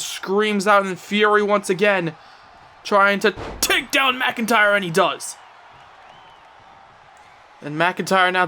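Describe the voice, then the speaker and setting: A young man giving excitable play-by-play commentary on a wrestling video game, breaking into shouts at big moves. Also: high-pitched, slight background noise.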